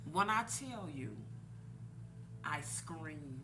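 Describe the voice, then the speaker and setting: A woman's voice: low-pitched, expressive, extremely slow, over music. A woman in her forties, a podcast host telling a personal story candidly and animatedly, laughing now and then.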